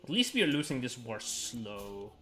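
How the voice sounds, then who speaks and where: A man's voice: medium pitch, very animated, moderate pace, over music. A young man chatting casually on a gaming livestream, rambling with frequent chuckles and filler words.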